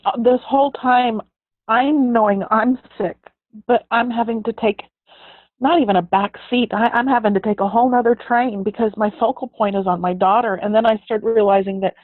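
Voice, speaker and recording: A woman's voice: a little high, fairly even intonation, normal speed, no echo. A middle-aged woman giving a heartfelt personal testimony in an earnest way, often restarting her sentences. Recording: tinny phone-like sound, dry.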